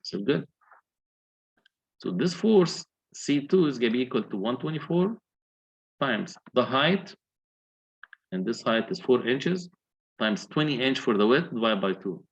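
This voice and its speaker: Husky-voiced man giving an engineering lecture. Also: mid-range voice, sing-song, a little slow, long pauses. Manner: methodical, asks the class questions. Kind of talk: university lecture, working through calculations.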